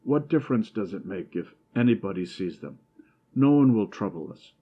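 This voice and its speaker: A man voicing a drunk, boastful old Italian fishing guide who talks rapidly in broken English. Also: lowish voice, expressive, slightly rough, highs cut off.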